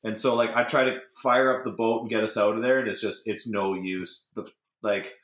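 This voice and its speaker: A man's voice: lowish voice, fairly even intonation, normal speed, a bit bright, roomy sound. A young man casually telling a story to friends, laid-back, full of "like" and swearing. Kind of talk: casual chat.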